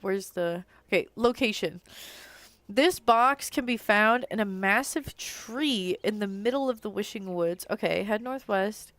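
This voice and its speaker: A woman's voice: mid-range voice, a little slow, a bit bright, dry recording. A young adult woman chatting casually while streaming a game, rambling on and filling her speech with "like.". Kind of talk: casual live-stream chat while gaming.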